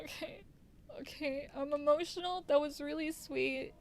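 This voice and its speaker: A woman streaming a game, gushing and excitable and swearing freely as she reacts. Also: high voice, normal speed. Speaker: VTuber streamer. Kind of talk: casual gaming stream. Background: game music.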